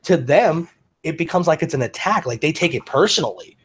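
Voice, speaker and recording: A man's voice: on the high side, lively intonation, brisk, slight background noise. A man hosting a casual chat, rambling and profane, often restarting his sentences. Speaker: host.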